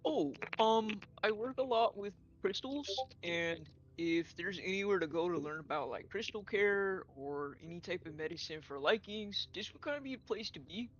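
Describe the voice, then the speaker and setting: A woman's voice: medium pitch, lively intonation, moderate pace, few pauses. Woman player in character at a tabletop game, friendly and hesitant, slightly muffled lo-fi mic.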